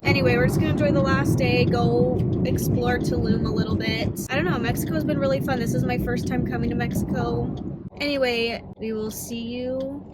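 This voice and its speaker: Young woman, travel vlog chat, handheld camera, outdoors, loud background noise. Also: fairly high pitch, steady tone, a little fast. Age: young adult. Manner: chatty, laughing, filler-heavy. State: sweaty and tired from walking. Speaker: vlogger. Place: outdoors on a trip, streets and ruins.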